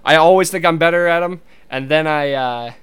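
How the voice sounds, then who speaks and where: Young man, casual rambling monologue, swears a lot, stops and restarts, slightly high, smooth clear voice. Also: brisk, a bit bright. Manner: rambling, swears, many restarts, laughs easily.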